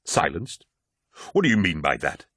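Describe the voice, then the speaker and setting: A man's voice: a bass voice, sing-song, normal speed, fairly bright tone, husky, dry recording, clean studio sound, pitched below the performer's own voice, full character voice. A man reading an audiobook, voicing a blunt, defiant male veteran warrior with a sardonic edge. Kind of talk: audiobook character voice.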